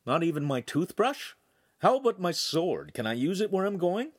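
A man's voice: sits high, sing-song, normal speed, pitched above the performer's own voice. A man voicing a cocky, charming seventeen-year-old boy who sounds wry and exasperated.

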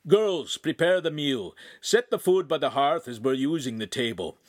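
Man putting on a stern, gruff old master craftsman. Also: on the high side, lively intonation, moderate pace, pitched above the performer's own voice. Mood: commanding. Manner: solemn, commanding.

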